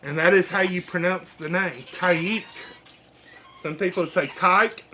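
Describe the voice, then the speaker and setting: A man's voice: steady tone, moderate pace, pushed and bright, slight background noise. A man talking bluntly and casually while hand-feeding baby birds, cooing to them now and then. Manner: chatty and blunt, coos to the birds in a high voice. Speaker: bird breeder. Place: indoors with birds.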